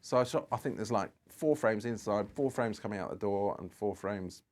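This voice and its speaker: A man's voice: lowish voice, moderate pace, darkish tone. A British man telling stories as a guest on a podcast, rambling along with lots of fillers and restarts. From Britain. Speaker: guest photographer. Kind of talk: anecdotal podcast storytelling.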